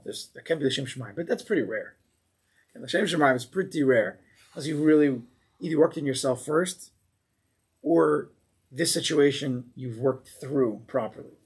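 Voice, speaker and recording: A man giving an informal Torah class to a small group, animated and acting out angry people as he explains. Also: medium pitch, slightly rough.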